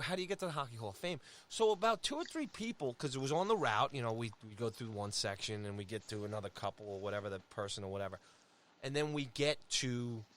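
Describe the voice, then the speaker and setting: A man, co-hosting a sports podcast and telling a road-trip story in a casual, animated way. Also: mid-range voice, slight background noise. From Long Island, New York. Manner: animated, acts out quoted voices. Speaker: podcast co-host.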